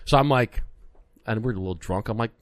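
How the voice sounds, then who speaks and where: A man's voice: fairly low pitch, brisk, no echo. A man in his thirties co-hosting a podcast, telling a story in casual chat and acting out the other people in it. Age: 30s. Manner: animated, acts out the voices in his stories. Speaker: podcast co-host. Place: podcast studio.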